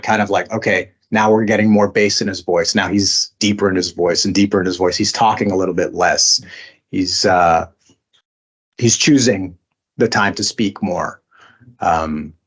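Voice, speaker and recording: A man's voice: on the low side, muffled recording. A man being interviewed as a voice actor, talking casually with many fillers and restarts. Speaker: voice actor guest.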